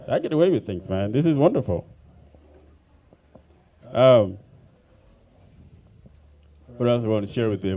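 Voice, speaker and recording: African guy doing standup, blunt and swearing a lot, pitch jumping all over, kinda dull club audio. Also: a little slow, long pauses. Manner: blunt, profane, animated storytelling. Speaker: stand-up comedian. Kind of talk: stand-up comedy set. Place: comedy club stage.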